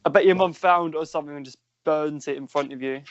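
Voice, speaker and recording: Young man, high voice, dry lo-fi. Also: no echo. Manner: quick teasing interjections, repeated "no, no". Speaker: podcast co-host. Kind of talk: casual chat.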